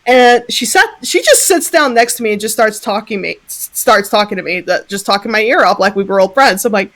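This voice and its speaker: A woman from Texas tells an animated story in a casual livestream chat and laughs often. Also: mid-range voice, fairly quick. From Southern Texas. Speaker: guest.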